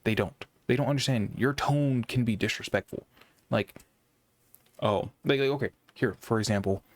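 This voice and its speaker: A young man talking casually about gaming, in a monotone voice that he says makes him sound sarcastic, rambling with frequent restarts. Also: medium pitch. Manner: rambling, halting with many restarts. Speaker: gaming commentator. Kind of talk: casual monologue.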